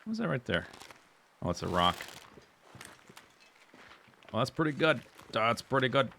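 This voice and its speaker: A man's voice: medium pitch, very animated, measured pace, creaky, bright, forceful tone, slight background noise. A man streaming a survival game, muttering sarcastic running commentary to himself. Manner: dry, sarcastic self-talk. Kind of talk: casual gameplay commentary.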